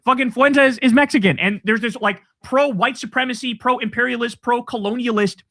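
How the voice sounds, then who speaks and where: A man's voice: extremely high pitch, normal speed, vocal fry, pushed and bright, no echo. A man delivering angry, profane political commentary on a livestream, ranting sarcastically.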